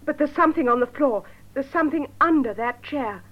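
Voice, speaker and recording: A woman playing a tense high-voiced young woman. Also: lively intonation. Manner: clear, slow learner-friendly delivery. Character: anxious young woman finding a body. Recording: dull lo-fi tape recording.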